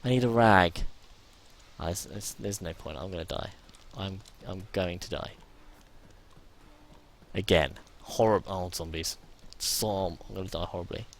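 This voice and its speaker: With a low, unhurried voice and slight background noise, a gamer comments on his survival game as he plays. He shifts between anxious whispered muttering and abrupt panicked cries, repeating himself under pressure.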